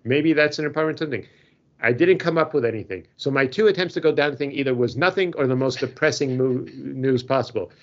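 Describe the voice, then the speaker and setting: A man co-hosting a casual podcast, talking in an animated, jokey way and often trailing off mid-sentence. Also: mid-range voice, fast. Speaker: podcast co-host. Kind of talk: casual chat. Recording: dull lo-fi sound.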